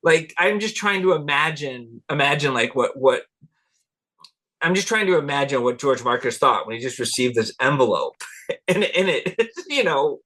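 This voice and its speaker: This middle-aged cultural anthropologist, a guest in a relaxed interview, tells rambling stories at normal speed, laughing often and acting out what people said. His mid-range voice is expressive and bright, with a forceful edge.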